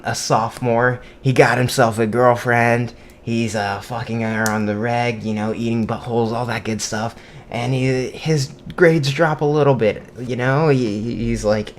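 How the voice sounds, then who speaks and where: A young man with a lowish voice tells a long joke, wandering and swearing freely, with lots of fillers. He chuckles at his own punchlines. A faint hum of room ambience sits behind him. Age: young adult. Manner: casual, profane, laughs at own jokes, many fillers. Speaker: joke teller. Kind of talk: rambling shaggy-dog joke.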